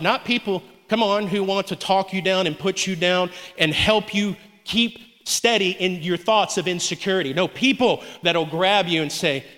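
A man's voice: high-pitched, a bit bright. A young man preaching a sermon as a pastor, urging the congregation on with repeated calls of "come on". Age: young adult. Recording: long hall reverb.

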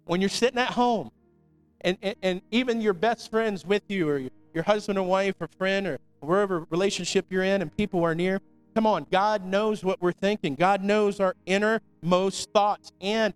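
A man with a high, clear, resonant voice preaches to his congregation. He drives his points with quick rhetorical questions and repeated calls of "come on", in a lively call-and-response sermon style. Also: poor audio. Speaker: pastor.

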